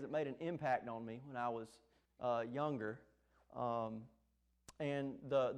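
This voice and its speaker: High-voiced male pastor preaching. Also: darkish tone. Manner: emphatic preaching with repeated phrases. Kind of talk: sermon.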